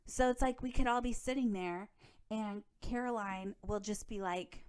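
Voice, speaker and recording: A woman's voice: fairly high pitch, moderate pace, a little mellow, smooth. A woman hosting a solo podcast, chatty and gossipy, with frequent swearing and filler words. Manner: chatty, profane, gossipy, lots of "like". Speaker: podcast host.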